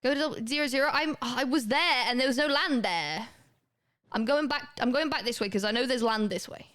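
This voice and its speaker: A woman's voice: on the high side, fairly quick, a bit bright. A young woman, chatting casually and swearing now and then while livestreaming a video game to her chat. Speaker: live streamer.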